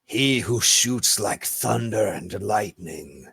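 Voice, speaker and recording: A man voicing a slow, solemn lizardfolk hunter. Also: fairly low pitch, animated, vocal fry, fairly bright tone, breathy edge, no room sound, heavily acted. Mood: grave. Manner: slow, grave, measured speech.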